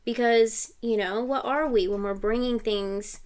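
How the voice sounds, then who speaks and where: A woman with a fairly high voice giving a casual tarot reading. She talks in a chatty, reassuring way and keeps checking in with her listener. She sometimes slips into snatches of song lyrics. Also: steady tone, measured pace, a little mellow. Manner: chatty, reassuring, often asks "okay?". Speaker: tarot reader. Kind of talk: casual spiritual reading to camera.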